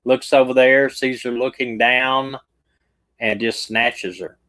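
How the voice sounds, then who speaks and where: On a rough recording, a Southern-accented man with a steady, medium-pitched, pushed and bright voice speaks slowly. As a retired detective hosting a livestream, he casually talks through a case, rambling, restarting sentences, and stumbling over words.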